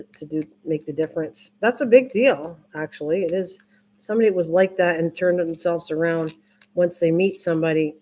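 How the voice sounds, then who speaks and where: Older lady rambling on her craft stream, kinda low voice, repeats stuff a lot. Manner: rambling, repeats herself, restarts often. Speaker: livestream crafting host. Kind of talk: casual chat with live viewers.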